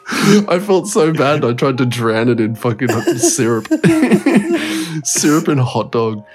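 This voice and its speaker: A man's voice: a little high, huge pitch swings, slow pace, pauses often, breathy edge, soft background music. Rambling, swearing man. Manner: rambling, heavy swearing, laughs through the story. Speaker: podcast co-host. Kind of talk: casual storytelling chat.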